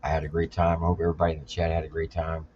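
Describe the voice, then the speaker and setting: A man hosting a casual livestream chat, teasing and laughing loudly with his guests. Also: very deep voice, completely flat delivery, rapid-fire, a little hiss or hum. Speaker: livestream host. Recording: slightly dull lo-fi sound.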